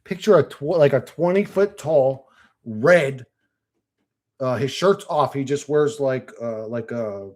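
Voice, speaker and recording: A man's voice: mid-range voice, takes it slowly, a little mellow. A man rambling casually to his stream chat, swearing and laughing often. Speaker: channel host.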